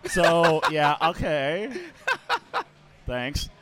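A man from Canada on a podcast, telling a story in casual chat and acting out the quotes loudly. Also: fairly high pitch, animated, drawn-out words, loud music behind the voice. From Ottawa, Canada. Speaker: podcast host.

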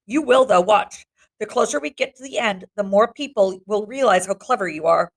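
A small, gentle girl speaks softly and hesitantly, voiced by a woman reading aloud. Her voice sits at an ordinary middle pitch with a touch of creaky texture. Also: animated, normal speed. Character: small shy young girl, gentle and quick.

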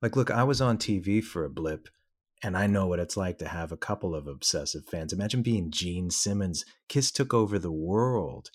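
A man's voice: sits low, expressive, normal speed. A man hosting a podcast, talking in casual chat with a reflective, reassuring manner. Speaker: podcast host.

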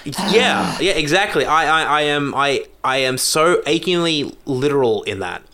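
A man's voice: fairly high pitch, lively intonation, measured pace, sharp tone. A man with an Australian accent in a rambling casual chat, talking through stories with lots of restarts and self-deprecating asides.

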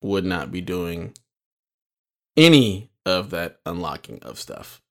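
Podcast host, male, lowish voice, dry jokes, casual banter. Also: sing-song, slow pace, fairly bright tone. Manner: dry, joking, laughs often. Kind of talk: casual chat.

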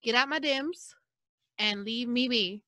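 A bright, fairly high-voiced woman with hosts her own podcast in a loose, chatty monologue. She talks expressively and slips into mock-preaching asides. The sound is dry and close, with no room echo. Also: unhurried. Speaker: podcast host. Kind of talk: casual solo podcast monologue.

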